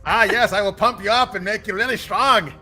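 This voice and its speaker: A man voicing an eccentric older head monk with a put-on German accent, loud and cheerfully insistent. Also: very high-pitched, expressive, a little slow, breathy edge, faint music behind, pitched above the performer's own voice, exaggerated voice. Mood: jovial.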